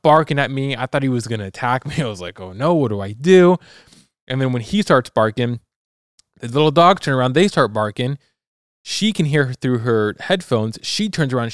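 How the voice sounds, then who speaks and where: A man's voice: medium pitch, clean tone, no echo, clean studio sound. A young adult man co-hosting a podcast, chatting casually and acting out sounds and quotes as he tells an anecdote. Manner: animated, acts out sounds and quotes. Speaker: podcast co-host. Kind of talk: casual storytelling chat.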